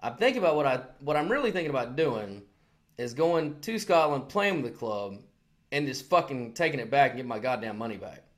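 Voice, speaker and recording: A man's voice: mid-range voice, animated, brisk. A man in his forties co-hosting a casual podcast, telling a story heatedly with lots of swearing and mimicking the people he quotes. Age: 40s. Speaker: podcast co-host. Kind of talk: casual chat.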